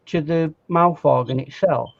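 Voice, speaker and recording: A man's voice: fairly high pitch, unhurried, gravelly, no echo, muffled recording. A man chatting and joking as the guest artist on a casual live stream, teasing his friends and letting out cheerful whoops. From England.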